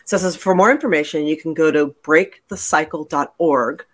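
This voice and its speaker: A man's voice: on the high side, fairly quick. A male host of a live show who chats casually, laughs often, and steers the talk back on course. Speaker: podcast host. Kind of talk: casual live-stream chat.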